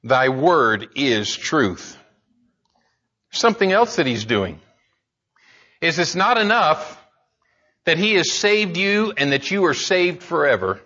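A man's voice: sits high, sing-song, a little slow, pauses often, bright, forceful tone, highs cut off. A man preaching a sermon in an earnest way, building emphasis and often restarting his words as he speaks. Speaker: pastor.

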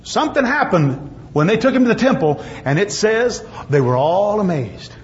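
A man preaching a sermon, telling stories in an animated way and rising at times to shouts. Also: high-pitched, normal speed. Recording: dull lo-fi recording.

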